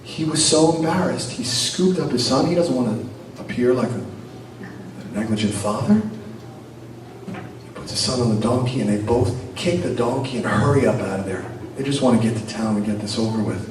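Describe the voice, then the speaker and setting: A rabbi telling a teaching story in an animated way, with a few Yiddish words mixed in. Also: male voice, medium pitch, moderate pace. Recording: very echoey room, distant mic, noisy.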